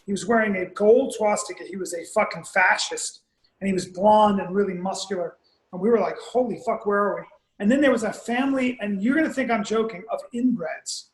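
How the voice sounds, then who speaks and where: A man's voice: high-pitched, fairly quick. A man co-hosting a podcast, telling blunt, profane, exaggerated stories in a casual chat. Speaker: podcast co-host. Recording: roomy echo.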